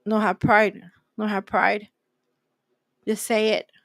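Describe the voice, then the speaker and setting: A woman's voice: medium pitch, little pitch movement, slow pace, dry recording, studio quality. A woman hosting a faith talk, preaching in an emphatic way and repeating her key phrases. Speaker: host.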